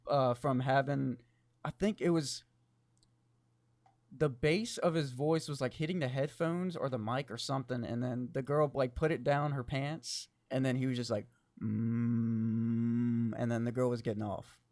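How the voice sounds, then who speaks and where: A man co-hosting a podcast in casual chat, rambling from topic to topic, swearing often and laughing a lot, with a deep, crackly morning voice. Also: normal speed, darkish tone, dry recording. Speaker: podcast co-host.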